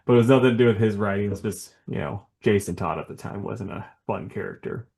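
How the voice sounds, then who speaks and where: A podcast co-host chats casually about comics in a lowish, darkish voice with vocal fry and a quick pace. He rambles through his points, full of "like" and "you know," and often breaks into a laugh.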